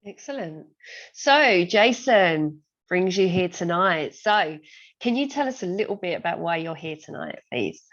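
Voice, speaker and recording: A woman's voice: on the low side, big pitch swings, unhurried, fairly bright tone, lo-fi sound. A woman hosting a podcast interview, prompting her guest with brief, polite questions. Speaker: host.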